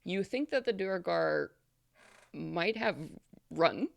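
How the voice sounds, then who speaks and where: A woman game master narrating combat in a tabletop game, often pausing on fillers. Her voice sits low and has a gravelly edge. The sound is dry and close. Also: expressive, dry recording. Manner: descriptive, with frequent fillers.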